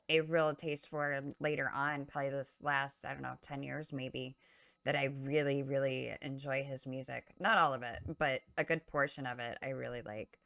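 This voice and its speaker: A woman with a notably low voice chats loosely on a podcast, wandering off her point and correcting herself as she goes. The sound is close and dry, with no room around her. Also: vocal fry, pushed and bright, dry recording. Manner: rambling, loses her train of thought; filler-heavy, self-correcting. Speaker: podcast co-host. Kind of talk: casual live-stream chat.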